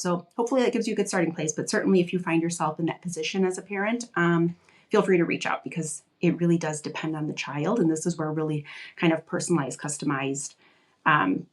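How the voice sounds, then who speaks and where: A woman giving parenting advice in a casual live question-and-answer stream, conversational and reassuring, with lots of "like". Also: fairly low pitch. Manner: conversational, reassuring, frequent "like" fillers. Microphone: live video stream.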